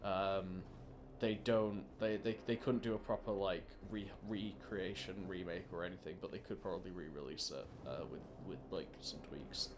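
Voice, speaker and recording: A man's voice: sits low, steady tone, normal speed, noisy background. Man rambling through game commentary. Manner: rambling, many restarts and fillers. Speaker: let's play host. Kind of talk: casual gameplay commentary.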